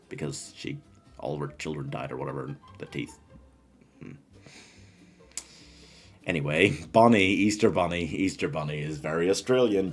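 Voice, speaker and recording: A man hosting a casual fan-casting video, chatty and laughing at his own choices. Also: deep voice. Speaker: host.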